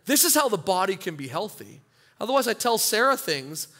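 A young man preaching a sermon as pastor, casual and animated, often acting out the voices of churchgoers. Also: high-pitched, fairly quick. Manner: animated, acts out congregants' inner voices.

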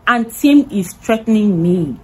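A woman's voice: mid-range voice, expressive, a little slow, dark tone, slightly rough, low-quality recording. A young woman with a Nigerian accent telling a dramatic story-time vlog, full of repetition for emphasis. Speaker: vlogger.

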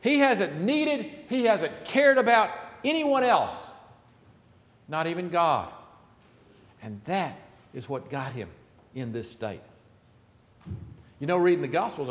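A man's voice: fairly high pitch, expressive, measured pace, pauses often, roomy sound, in a large hall. A man pastor preaching an earnest, emphatic sermon in a church sanctuary.

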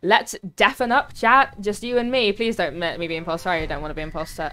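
A woman streams a game and chats easily with her viewers and friends. Her voice sits slightly low and jumps up high when she is touched by a kind message. A faint hiss runs under the recording. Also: steady tone, fairly quick, a bit bright. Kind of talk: casual gaming livestream chat.

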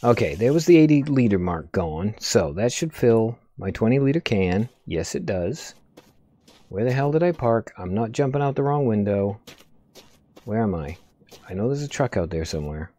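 Excitable, lively man with a dark voice. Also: lowish voice, moderate pace. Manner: excitable, swears often, talks to the game. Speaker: gaming video host. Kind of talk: let's play commentary.

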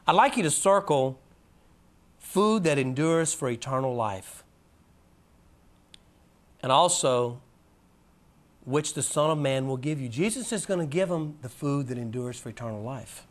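A man teaching a Bible lesson in a casual, folksy way, reading scripture in a lower, slower voice. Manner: animated, drops to a low, slow voice for scripture quotes. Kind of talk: presentation lecture.

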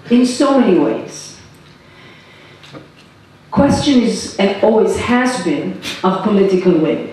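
A woman's voice: fairly low pitch, a little mellow, far from the mic. Emphatic woman in an echoey hall. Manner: earnest, emphatic, building arguments. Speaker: politician guest. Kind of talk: public conversation on stage.

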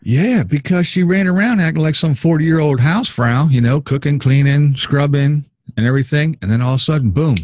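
A man's voice: fairly high pitch, brisk, few pauses, no room sound. A man hosting a casual commentary chat about a reality show, acting out the lines of people on the show as he talks. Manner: animated, acts out houseguests' lines. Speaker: show host.

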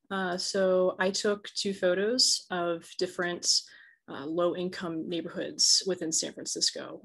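A woman introduces her photographs with halting speech full of fillers. Her voice is low and gravelly. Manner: hesitant, with many fillers. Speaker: student presenter.

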